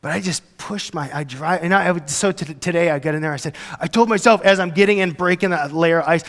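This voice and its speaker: A man's voice: fairly high pitch, quick pace, hardly any pauses, fairly bright tone, in a large hall. A man preaching a sermon as a pastor, conversational and joking, acting out quoted voices. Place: church sanctuary.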